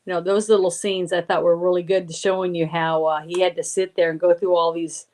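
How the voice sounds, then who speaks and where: A woman co-hosting a casual movie podcast, chatty and quick to laugh. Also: fairly low pitch, flat delivery, a little mellow. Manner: chatty, laughs easily, many fillers. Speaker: podcast co-host.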